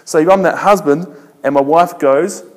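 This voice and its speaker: Male preacher, fairly high voice, emphatic and repetitive, long hall reverb. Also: normal speed. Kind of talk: sermon.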